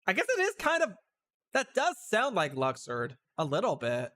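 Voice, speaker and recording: Animated high-voiced male streamer. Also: normal speed. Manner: animated and chatty, with sudden outbursts. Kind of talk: casual let's-play commentary.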